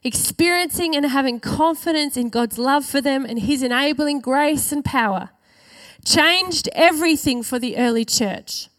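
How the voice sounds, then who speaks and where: High-voiced woman preaching a sermon. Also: fairly bright tone. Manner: earnest, emphatic, slows for key phrases.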